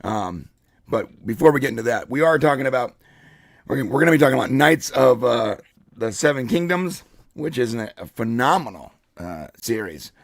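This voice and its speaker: Congested, gravelly-voiced man host. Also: medium pitch, expressive, normal speed, dry recording, clean studio sound. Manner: rambling, joking, frequent fillers and throat clearing. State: congested, hoarse voice. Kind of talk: casual podcast chat.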